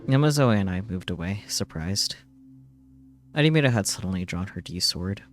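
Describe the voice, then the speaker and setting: A man's voice: sits low, lively intonation, brisk. A male streamer reading game dialogue aloud in English over the game, with joking asides. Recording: game music behind the voice.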